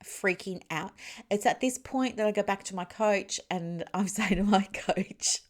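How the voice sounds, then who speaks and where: Woman business mentor, solo podcast, lively storyteller who explains things plainly. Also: mid-range voice, measured pace. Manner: chatty, animated storytelling with laughs; explains terms plainly, with asides to the listener.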